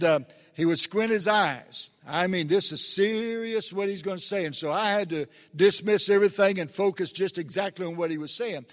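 Male preacher, somewhat high voice, earnest delivery with emphatic peaks, long hall reverb. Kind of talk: sermon.

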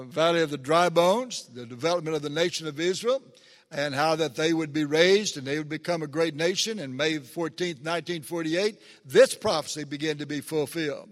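Male preacher, somewhat high voice, earnest delivery with emphatic peaks, long hall reverb. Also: fairly bright tone. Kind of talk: sermon.

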